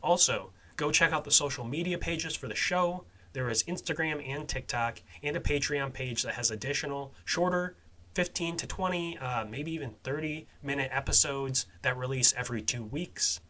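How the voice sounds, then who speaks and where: A male podcast host with a bright, forceful tone and a mid-range voice. He talks loosely and profanely, peppering his wrap-up with fillers, and lets phrase endings sink to a mutter. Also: mid-range voice, moderate pace. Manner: casual and profane, with fillers, trailing off quietly at phrase ends. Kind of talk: casual podcast narration.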